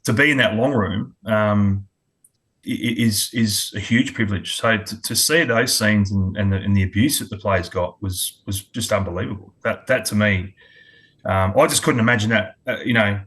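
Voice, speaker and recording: A former cricketer and coach, here a guest, this middle-aged Australian man has a fairly low, fairly bright, slightly rough voice at normal speed. He talks bluntly and candidly in a casual interview and keeps restarting his sentences.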